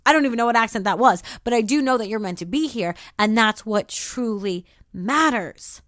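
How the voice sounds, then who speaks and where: Woman host, high and bright-toned, dry booth sound; preachy, emphatic motivational monologue. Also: lively intonation, moderate pace, dry recording. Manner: repetitive, declarative affirmations. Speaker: podcast host.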